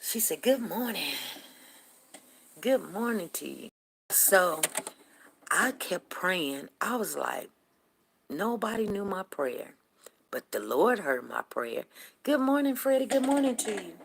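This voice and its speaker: A middle-aged woman speaking, her voice low and gravelly. She tells a long neighborhood story in a chatty livestream manner and stops to greet viewers by name. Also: big pitch swings, unhurried, fairly bright tone, a little hiss or hum. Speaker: livestream host. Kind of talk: casual storytelling to live viewers.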